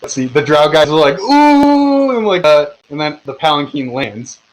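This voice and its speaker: A man's voice: a little high, steady tone, fairly quick, rough recording. A man narrating a tabletop game as game master over voice chat, with lots of fillers and restarts. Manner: rambling, filler-heavy narration. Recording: online voice chat.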